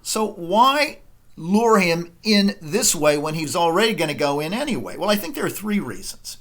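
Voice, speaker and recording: A man giving a literature lecture, thoughtful and unhurried, pausing often with uh and um. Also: high voice, big pitch swings, a bit bright. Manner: thoughtful, with frequent uh and um pauses. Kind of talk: recorded lecture.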